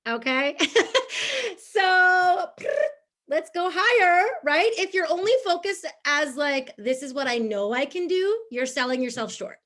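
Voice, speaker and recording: A woman's voice: sits high, animated, measured pace, fairly bright tone. A woman talking to her team in an upbeat, chatty way, with lots of fillers and frequent laughs. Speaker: team leader. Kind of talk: motivational group talk.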